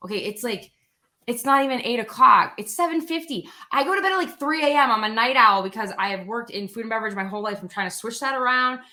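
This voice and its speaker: A young woman speaking as an interview guest, chatty and full of energy, piling one quick phrase onto the next. Her voice is bright and forward and sits a little high for a woman. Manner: energetic and animated, quick with frequent "like". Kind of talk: casual interview talk.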